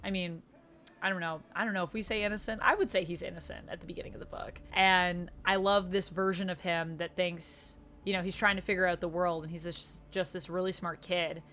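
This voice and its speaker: A woman's voice: lowish voice, steady tone, fairly quick, a bit bright, faint music behind. A woman talking casually and enthusiastically in a book review vlog, full of fillers as she shares her thoughts. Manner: chatty and enthusiastic, lots of "like" fillers.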